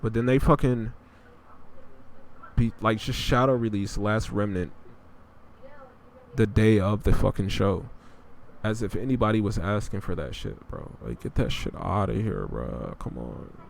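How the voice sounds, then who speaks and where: Give me a young man with a low, gravelly voice, ranting bluntly about games over faint background noise. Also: a little slow. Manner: profane, blunt, rambling. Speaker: podcast host. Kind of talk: casual gaming chat.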